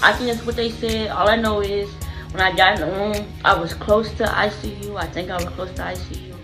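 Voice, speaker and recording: A woman's voice: medium pitch, fairly even intonation, a little fast, music in the background, poor audio. A woman vlogger telling her own story in an earnest, emotional way, going back over phrases as she remembers. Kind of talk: personal storytelling to camera.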